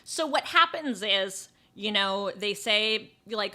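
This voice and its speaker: A woman co-hosting a comedy podcast in casual chat, deadpan, acting out quotes. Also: medium pitch, takes it slowly. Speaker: podcast co-host.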